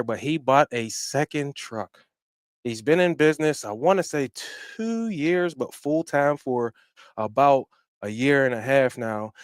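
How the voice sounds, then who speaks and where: A man hosting his own podcast, giving energetic, slangy shout-outs that swing between loud bursts and quiet asides. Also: mid-range voice, dry recording. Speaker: podcast host.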